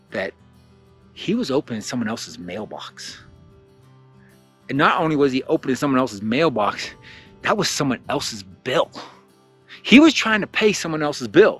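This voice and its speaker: Animated husky man telling a story. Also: medium pitch. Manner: animated, acts out quoted lines, frequent fillers. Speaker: spiritual teacher. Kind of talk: casual storytelling lesson.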